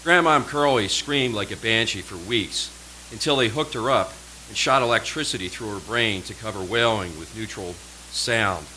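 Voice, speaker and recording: Low-voiced yet bright and forceful, a poet performs his own lines live in a small venue with slow, dramatic pauses and measured emphasis. A faint hiss sits behind him on the rough recording.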